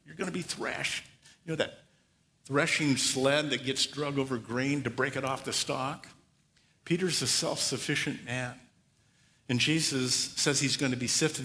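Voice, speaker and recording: A man preaching a sermon, telling the story with lively acted-out asides. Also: mid-range voice, in a large hall. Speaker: pastor.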